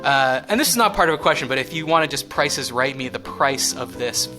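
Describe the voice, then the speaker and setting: A man's voice: medium pitch, expressive, fairly quick, music in the background. A man hosting a comedy podcast, talking in a playful, giggly, rambling way. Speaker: podcast host.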